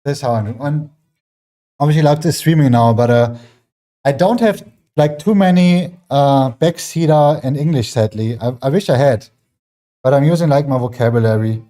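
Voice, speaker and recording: A man's voice: medium pitch, normal speed, dark tone. German man chatting casually in home gym. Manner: rambling, many fillers, chatting with viewers between sets. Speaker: fitness livestreamer. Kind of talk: casual chat while working out.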